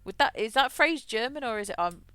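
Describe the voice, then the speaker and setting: Woman streamer rambling and laughing at herself, smooth voice, dry close mic. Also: a little high, animated, brisk, bright, forceful tone, no room sound. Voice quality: had a childhood stutter, frequent restarts. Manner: chatty, self-deprecating, laughs often. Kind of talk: casual gaming chat.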